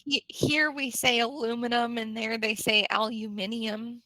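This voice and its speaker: American woman, English teacher, lively and chatty; higher voice with a crisp bright tone. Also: measured pace, dry recording, low-quality recording. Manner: animated, chatty, laughs often. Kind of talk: casual conversation.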